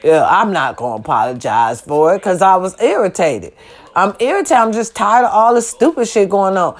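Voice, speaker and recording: A woman's voice: mid-range voice, big pitch swings, normal speed. A woman talks straight to her audience in a loose, slangy vlog style, blunt and emphatic. She preaches her point with a mid-range voice and a casual, streetwise edge. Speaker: vlog host. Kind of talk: casual direct-to-camera advice talk.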